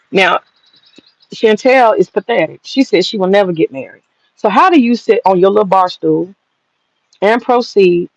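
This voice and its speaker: A man's voice: sits high, vocal fry, no echo, lo-fi sound. A man hosting an online commentary monologue, talking in a blunt, profane and mocking way.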